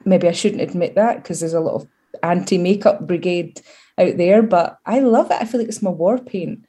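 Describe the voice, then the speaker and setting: With a voice on the low side and an ordinary pace, this middle-aged Scottish guest gives a candid interview. Her stories come out lively, funny and proud.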